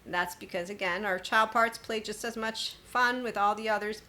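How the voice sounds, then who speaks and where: Her delivery is emphatic and chatty as she hosts a spiritual self-help podcast alone, quoting others with abrupt bursts of laughter. The woman's medium-pitched voice moves at a moderate pace and comes across bright and forceful.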